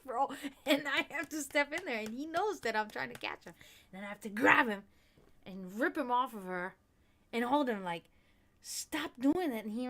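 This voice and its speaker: A woman with a somewhat high voice chats casually on her tarot reading livestream. She is excitable, greets her viewers and swears freely, with frequent laughter running through her talk. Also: a little hiss or hum. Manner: swears freely and laughs often while talking.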